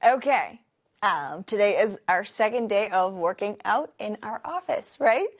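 A Korean native-speaker woman giving a bilingual English lesson and workout instructions, lively and acting out dialogue lines. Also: medium pitch, over music. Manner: lively, switching quickly between explaining and acting out dialogue lines.

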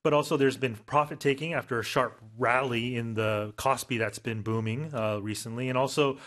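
A man co-hosting an English news explainer, walking listeners through economic terms. He speaks at a medium pitch in a relaxed, conversational way. He pauses often with fillers as he goes. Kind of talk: casual news explainer for learners.

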